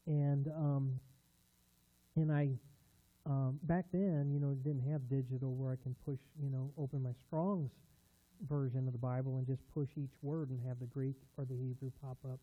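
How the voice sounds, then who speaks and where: A man's voice: medium pitch, little pitch movement, normal speed. A man preaching as a pastor, telling a story in a conversational sermon style, earnest and rising to emphatic bursts. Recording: tinny phone-like sound.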